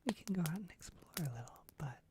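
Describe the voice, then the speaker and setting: A performer voicing a gentle, caring scaled creature in a slow, reassuring whispered role-play. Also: medium pitch, lively intonation, noisy background, natural voice. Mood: tender.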